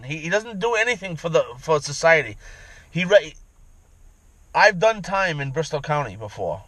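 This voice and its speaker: A man's voice: on the high side, expressive, moderate pace, a bit bright, no room sound, low-quality recording. A man ranting in a profane, rambling vlog monologue from inside his vehicle, repeating himself as he goes. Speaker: vlogger.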